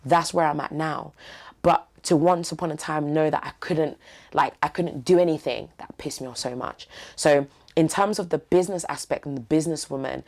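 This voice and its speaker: Low gravelly young woman. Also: moderate pace, a little mellow. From East London. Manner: heartfelt, emphatic, slangy. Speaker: podcast guest. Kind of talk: candid interview talk.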